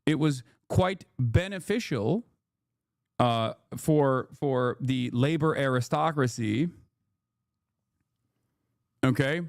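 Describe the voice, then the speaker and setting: A man's voice: medium pitch, takes it slowly, long pauses, dry recording, studio quality. A man streaming his reactions to a news clip, swearing and sarcastic, slipping into mocking voices when he quotes others. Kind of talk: casual political commentary.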